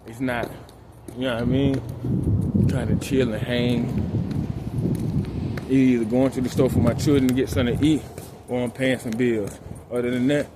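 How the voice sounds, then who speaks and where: Man for a street vlog: calm, slangy, mid-pitched, walking outdoors at night, with traffic noise behind him. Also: moderate pace, pauses often. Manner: calm, laid-back, slangy. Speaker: vlogger. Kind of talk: casual motivational talk while walking. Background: traffic and outdoor ambience.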